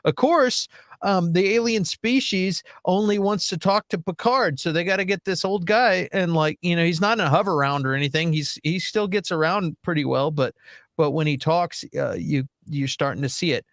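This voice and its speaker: Higher-voiced hesitant man. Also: moderate pace, a bit bright, no echo, clean studio sound. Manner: hesitant, many fillers and restarts. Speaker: podcast co-host. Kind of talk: casual chat.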